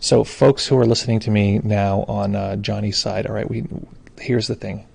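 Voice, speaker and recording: A man teaching meditation in a live call, explaining in a relaxed, informal way with frequent restarts. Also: lowish voice, moderate pace, gravelly, a little hiss or hum.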